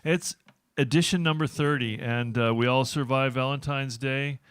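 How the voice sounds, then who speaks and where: A man's voice: mid-range voice, fairly even intonation, moderate pace, a bit bright, smooth, no echo, clean studio sound. A man of about sixty hosting a casual afternoon show, chatty and self-deprecating with a joking manner. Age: 60s. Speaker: host. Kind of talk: casual chat.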